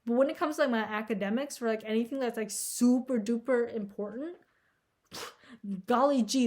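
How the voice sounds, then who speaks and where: Young adult woman, slightly high voice, casual anxious vlog ramble, heavy filler and profanity. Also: moderate pace, darkish tone. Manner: anxious, self-deprecating. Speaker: vlogger.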